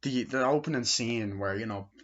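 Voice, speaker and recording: A man's voice: mid-range voice, moderate pace, a bit bright. A man giving a casual, rambling spoken film review, full of fillers and swearing. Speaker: movie reviewer. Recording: dull lo-fi recording.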